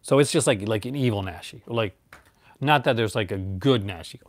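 A man's voice: fairly low pitch, moderate pace, no echo. A man hosting a casual, rambling chat about his movie collection, laughing often.

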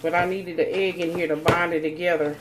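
A woman's voice: lowish voice, flat delivery, fairly quick, slight background noise. A woman, chatting folksily to viewers as she demonstrates cooking in her home kitchen. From North Carolina, USA. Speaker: cooking channel host.

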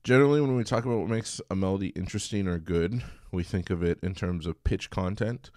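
A man giving a recorded college music lecture in a relaxed, chatty way, singing short examples. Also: low voice, fast, dry recording, studio quality.

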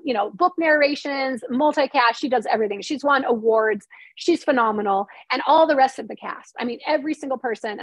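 A woman with a fairly high voice tells stories in a casual interview, animated and quick, often restarting her sentences. The sound is dry and close. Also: husky, no echo, rough recording. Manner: animated, fast storytelling with many restarts. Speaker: screenwriter and novelist guest.

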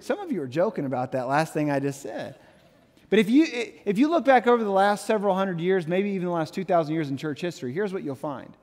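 A man in his thirties preaching a sermon, animated, with playful asides and quotes he acts out. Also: high voice, long reverb tail. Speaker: pastor.

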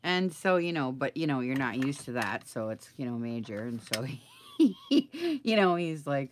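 A middle-aged woman with a notably low voice rambles casually as she crafts at her table at home. She thinks aloud and keeps asking her viewers what they would do. Faint noise sits behind her. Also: expressive, moderate pace. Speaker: craft video maker. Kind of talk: chatty live crafting video.

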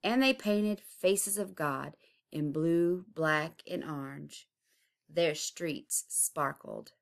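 A woman's voice: deep voice, drawn-out words, creaky. A woman, an art teacher, reading a picture book aloud expressively, chanting its rhyming refrains. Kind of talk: storybook read-aloud.

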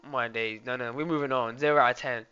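A young man streaming live and reacting loudly, laughing and often saying "oh my days" and "bro". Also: medium pitch, steady tone, fast talker, smooth. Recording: dull lo-fi sound with faint music. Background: faint background music.

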